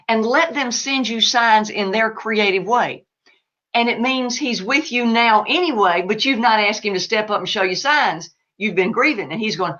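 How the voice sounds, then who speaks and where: A woman's voice: a little high, moderate pace. Emphatic woman on a lo-fi stream. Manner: emphatic, animated storytelling. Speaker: animal spirit medium. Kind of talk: live Q&A answers.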